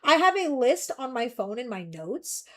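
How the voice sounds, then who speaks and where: A young woman streamer chatting casually, rambling and ranting in an animated way. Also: high voice, normal speed.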